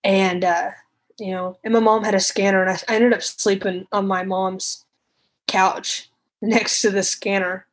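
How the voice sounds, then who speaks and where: A woman in a medium voice recounts a frightening night in her own words. She talks in an unscripted, halting way, restarting sentences and swearing at times. She retells whole conversations, slipping into what each person said. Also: medium pitch, flat delivery, low-quality recording. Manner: retells conversations in quoted speech. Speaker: guest telling a personal story.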